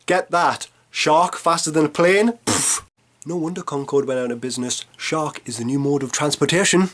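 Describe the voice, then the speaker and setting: A man's voice: a little high, normal speed, fairly bright tone. A man in his thirties reading a scripted film review, with sarcastic, punchy jokey asides. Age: 30s.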